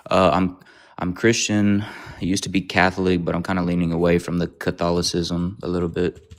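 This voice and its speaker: A man calling into a live stream, polite and quick to apologize. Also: low-pitched, monotone. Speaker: caller. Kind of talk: polite call-in chat.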